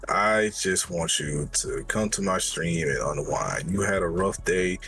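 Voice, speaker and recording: A man's voice: low-pitched, animated, unhurried, fairly bright tone, soft background music. A man talking as a podcast guest in casual chat, laid-back and slangy. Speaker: guest streamer.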